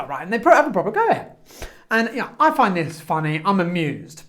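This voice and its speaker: Man, motivational talk, animated storytelling, quick, acts out quotes. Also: sits high. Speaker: motivational speaker.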